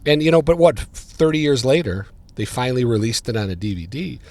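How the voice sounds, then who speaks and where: A man, a podcast guest telling stories in casual chat, getting louder and higher as he relives them. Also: a little fast. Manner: animated, gets louder and higher when retelling. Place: diner.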